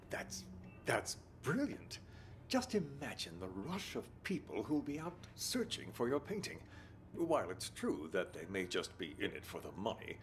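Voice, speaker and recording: An actor playing a polite, flattering male gallery owner in a game. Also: medium pitch, a little hiss or hum. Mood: impressed. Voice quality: polite and fawning.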